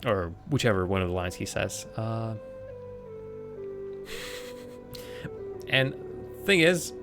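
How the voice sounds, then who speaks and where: A man's voice: on the low side, big pitch swings, drawn-out words, loud music behind the voice. A man streaming a game live, chatting casually, laughing often and poking fun at himself. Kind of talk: casual live gameplay commentary.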